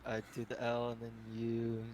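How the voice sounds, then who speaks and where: A man's voice: mid-range voice, monotone, moderate pace, background noise. A man playing a tabletop game, making offhand joking remarks. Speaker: player. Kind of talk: casual play at a tabletop game.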